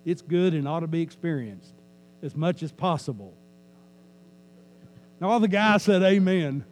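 A pastor preaching a conversational sermon in a church, joking with the congregation and repeating phrases for emphasis. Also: male voice, on the high side, big pitch swings, normal speed, rough recording. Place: church sanctuary. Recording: faint mains hum.

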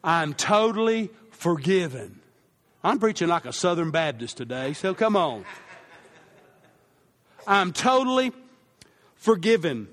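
A man's voice: fairly high pitch, expressive, moderate pace, fairly bright tone. A male pastor preaching a sermon, repeating key lines for emphasis and leading the congregation to say phrases back with him.

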